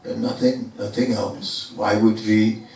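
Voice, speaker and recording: A man voicing a soft, forgiving queen. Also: on the low side, unhurried, pitched below the performer's own voice, natural voice. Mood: gently pleading. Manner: soft, calm, pleading. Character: gentle forgiving noble queen, woman. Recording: echoey hall from far off.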